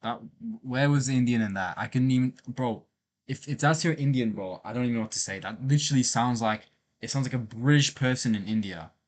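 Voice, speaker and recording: A man at a middle pitch, chatting casually on a stream. He teases bluntly with lots of slang and filler. His delivery is loose and offhand. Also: brisk. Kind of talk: casual chat.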